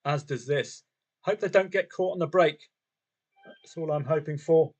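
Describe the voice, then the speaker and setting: A man's voice: a little high, normal speed, a little mellow, lo-fi sound. Chatty man on a betting livestream. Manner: chatty, talks to himself and viewers, rhetorical questions. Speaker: football trading livestream host. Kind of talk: casual live commentary on matches and bets.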